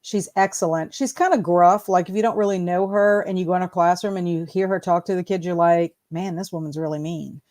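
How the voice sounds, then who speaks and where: A woman in her fifties, an educator, chatting on a video call as an animated storyteller who laughs often and acts out exchanges. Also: fairly low pitch, brisk, hardly any pauses. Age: 50s. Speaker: school proctor and educator. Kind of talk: casual video call chat.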